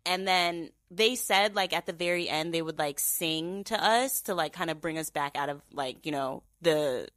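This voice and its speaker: A young woman hosting a podcast, telling a story in casual chat with lots of fillers and animated replays of her own thoughts. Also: fairly low pitch, moderate pace, hardly any pauses, no room sound. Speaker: podcast host.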